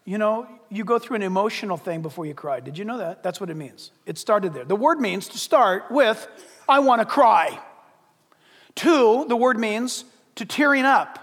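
A man preaching a sermon from a church pulpit, dramatic, dropping from loud bursts to hushed words. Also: high-pitched, expressive, moderate pace. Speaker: pastor. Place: church sanctuary. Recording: long reverb of a large hall.

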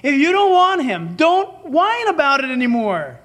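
A man with a very high voice delivers a sermon with sweeping, animated pitch. He preaches emphatically and dramatically, slipping into quoted dialogue as he goes. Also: unhurried. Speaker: pastor.

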